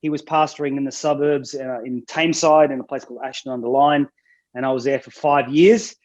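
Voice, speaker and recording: A man's voice: mid-range voice, steady tone, brisk, a little mellow, dull audio. A middle-aged man with an Australian accent, a pastor telling his life story in a casual interview with jokey anecdotes over a video call. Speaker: pastor, guest.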